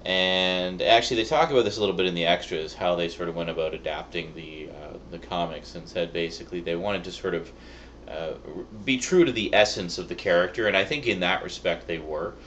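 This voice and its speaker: A man's voice: sits low, fairly quick, fairly bright tone, a little hiss or hum. A man talking through a film review in a loose, rambling way with many ums and uhs. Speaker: YouTube reviewer. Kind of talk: casual review.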